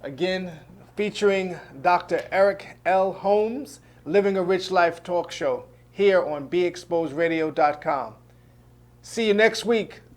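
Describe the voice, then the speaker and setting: A man's voice: high voice, slow. A man hosting a radio talk show, affirming his guest with short replies. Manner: affirming, brief responses. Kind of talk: radio interview. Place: radio studio.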